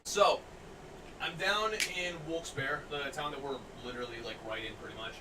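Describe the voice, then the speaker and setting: Excitable high-voiced man telling stories. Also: moderate pace. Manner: animated, laughing, acts out quotes loudly. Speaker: podcast host. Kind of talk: casual storytelling chat. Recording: distant mic, faint noise.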